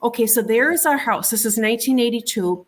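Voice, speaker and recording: Her pitch fairly high and her intonation lively, a middle-aged woman being interviewed recounts a personal experience. She tells it conversationally but haltingly, often repeating words and restarting what she was saying.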